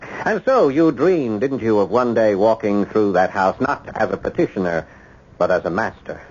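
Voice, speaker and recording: An actor playing a shrewd, witty elderly gentleman detective with a theatrical manner who is fond of proverbs, in a 1970s radio drama. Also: lowish voice, lively intonation, normal speed, slightly rough, poor audio. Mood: sly.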